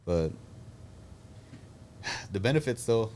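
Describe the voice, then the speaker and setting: A man's voice: low voice, moderate pace, long pauses, a little mellow, a little hiss or hum. A young man, an Army veteran hosting a casual chat, telling blunt, profane stories with a laugh. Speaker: podcast host, Army veteran.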